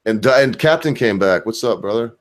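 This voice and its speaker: A man's voice: mid-range voice, animated, normal speed. A man hosting a casual voice-call chat from home, rambling and swearing freely in laid-back banter. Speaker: host.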